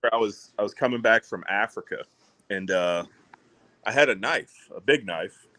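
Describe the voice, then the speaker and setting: A man's voice: fairly low pitch, normal speed, pushed and bright, low-quality recording. A middle-aged man hosting a casual chat, telling profane, wry anecdotes and acting out the other people's lines. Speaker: podcast co-host.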